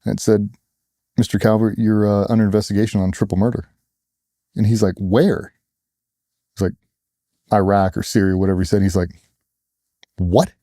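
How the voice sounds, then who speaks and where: A man's voice: fairly low pitch, level tone, quick pace, long pauses, mellow, dry recording, studio quality. A man candidly telling a personal story in an interview, blunt and plainspoken, acting out other people's lines as he goes. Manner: blunt, plainspoken, retells dialogue in quotes.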